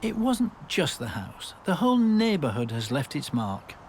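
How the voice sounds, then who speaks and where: A man's voice: on the high side, huge pitch swings, moderate pace, slight background noise. A male cook and presenter, chatty and teasing, explaining each step as he cooks. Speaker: chef and TV presenter. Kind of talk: cooking show chat and voice-over narration.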